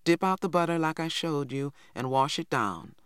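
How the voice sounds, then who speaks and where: A reader voicing a gentle, anxious mother who speaks softly but firmly, in a dry, close recording. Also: mid-range voice, expressive, moderate pace, clear, resonant tone, no echo, lightly acted. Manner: soft, tender, firm when giving orders. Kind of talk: audiobook character voice.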